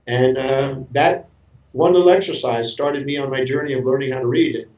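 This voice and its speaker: A man's voice: mid-range voice, fairly even intonation, normal speed, a little mellow. A man from the United States, speaking as an interview guest, tells his life story earnestly and often repeats words as he starts sentences. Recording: roomy sound from a distance.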